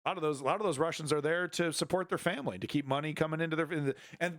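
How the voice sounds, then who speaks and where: A man's voice: a little high, very fast, few pauses, a bit bright, dry recording, studio quality. A man streaming casual commentary on news footage, rambling with many fillers and restarts and a sardonic edge.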